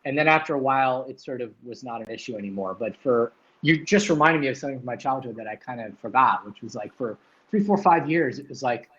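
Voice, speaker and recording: A man's voice: medium pitch, lively intonation, fast, few pauses, fairly bright tone. A man hosting a livestream, rambling casually and swearing now and then. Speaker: livestream host. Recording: dull lo-fi sound.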